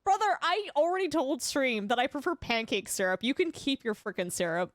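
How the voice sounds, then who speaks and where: Streaming a game live, a young woman with a Canadian accent talks a little fast in a high voice with lively intonation. She laughs a lot, restarts her sentences, and chats casually with viewers. There's no room sound.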